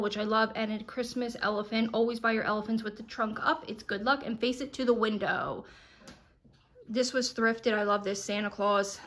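A woman talks into a handheld phone camera as she walks through her home. Her delivery is chatty and warm-hearted, loose and unscripted, and it is sprinkled with fillers. Her pitch sits in an ordinary middle range. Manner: chatty, affectionate, lots of fillers. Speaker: vlogger. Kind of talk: casual home decor tour vlog.

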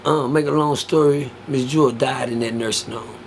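A man telling a story in casual, profane talk, lively and acting out other people's lines. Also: medium pitch, normal speed, slight background noise.

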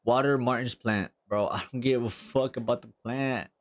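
A man doing let's-play commentary on a horror game, cursing constantly and shouting at the characters on screen. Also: medium pitch, fairly even intonation, normal speed. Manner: profane, loud outbursts, talks to game characters. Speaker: gaming streamer.

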